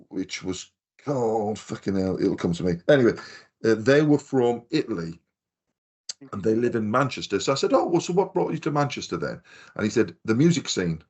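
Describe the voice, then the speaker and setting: Male podcast co-host, lowish voice, rambling anecdotal storyteller. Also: a little mellow. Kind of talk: casual chat.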